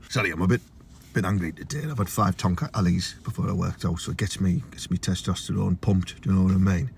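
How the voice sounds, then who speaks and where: A young man with a Teesside accent delivering a crude, swearing comic rant to camera, his voice jumping high when he gets outraged. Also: fast, gravelly, breathy edge. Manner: crude, ranting, swears freely, big pitch jumps when outraged. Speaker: comedian.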